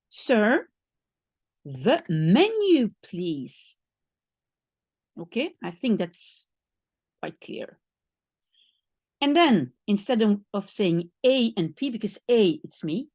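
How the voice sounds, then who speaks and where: A woman's voice: a little high, a little mellow, husky, no room sound, clean studio sound. A woman teaching a lesson, patient and explaining step by step, often checking if she is understood. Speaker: language teacher. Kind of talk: one-on-one French lesson.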